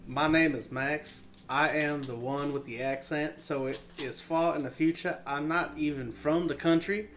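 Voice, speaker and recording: A man's voice: a little high, fairly even intonation, normal speed, few pauses, a bit bright, pitched below the performer's own voice, close to an everyday voice. A man playing a blunt, casually swearing space mechanic in a board game introduction. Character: grumpy future space mechanic who fixes failing machines.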